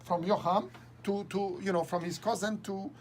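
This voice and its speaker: A man as an interview guest, telling a story with lots of laughter and halting restarts. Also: sits high, steady tone, a little hiss or hum. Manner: laughs often, halting restarts, acts out quoted dialogue. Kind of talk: animated storytelling anecdote.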